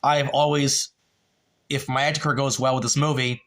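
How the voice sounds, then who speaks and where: A man talking casually on a live stream, rambling and halting with many fillers, and growing emotional about a dead relative. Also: mid-range voice, level tone, a bit bright. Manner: rambling, repeats a friend's name, halting with fillers.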